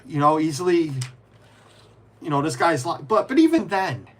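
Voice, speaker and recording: On a casual live stream, a man with a slightly high, sing-song voice talks at normal speed. He rambles and restarts often, replies to viewers by name, and mutters to himself as he fiddles with pieces during his build.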